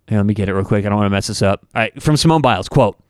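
A man's voice: lowish voice, racing, a little mellow, clean tone, dry recording, clean studio sound. A man hosting a podcast, delivering an opinionated, emphatic monologue full of rhetorical questions. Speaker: podcast host and network owner.

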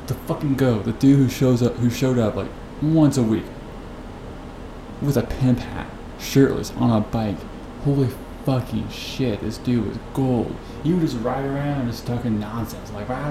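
A man's voice: mid-range voice, a little slow. A man hosting a podcast and telling a story as a profane, rambling, incredulous rant. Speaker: podcast host. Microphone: podcast mic. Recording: echoey room with background noise.

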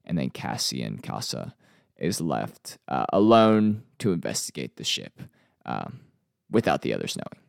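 A man hosting a casual TV episode review, chatty and relaxed with frequent fillers. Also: a bass voice, a little slow, vocal fry, dry recording, clean studio sound. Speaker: TV review host.

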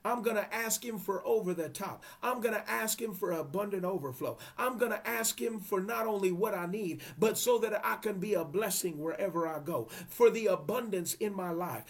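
A man preaching a sermon, fervent and emphatic, repeating his phrases for emphasis. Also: high-pitched. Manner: drops to a whisper at times.

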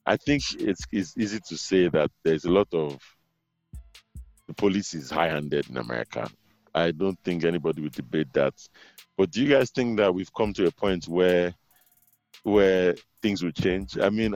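A man hosting a casual podcast conversation, telling stories in an animated way with many asides. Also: low-pitched, normal speed, no echo, faint music behind. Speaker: podcast host.

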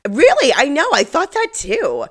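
Woman, podcast co-host, casual chat, expressive exclamations, lively pitch. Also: unhurried. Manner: expressive, exclaims and laughs often. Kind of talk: casual episode recap chat.

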